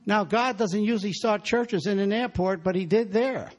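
A man's voice: high voice, moderate pace. A man preaching a sermon in a church, exhorting the congregation and calling for their responses.

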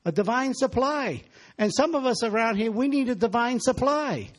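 A man's voice: extremely high pitch, lively intonation, moderate pace. A man preaching a sermon in a church, exhorting the congregation and calling for their responses.

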